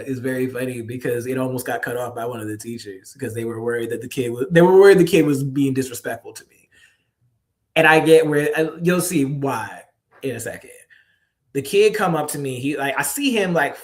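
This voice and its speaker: A man, a poet and author, telling stories in a casual interview, laughing often and acting out the voices of the people he quotes. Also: medium pitch.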